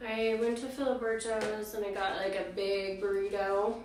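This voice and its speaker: A woman vlogging casually about her days, tired and out of breath, speaking softly. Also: medium pitch, flat delivery, reverberant, recorded from a distance, a little hiss or hum. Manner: weary, speaking softly and slowly. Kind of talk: casual personal vlog. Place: hospital room, then home.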